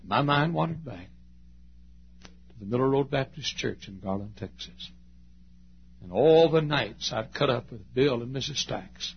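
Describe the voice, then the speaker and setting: A preacher in his late fifties with a husky voice tells a story from the pulpit, letting his voice rise high and loud before dropping to a hush. The recording is dull and lo-fi, like an old church tape. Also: animated, unhurried, pauses often. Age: late 50s. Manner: dramatic storyteller, swings from loud to hushed. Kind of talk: storytelling sermon.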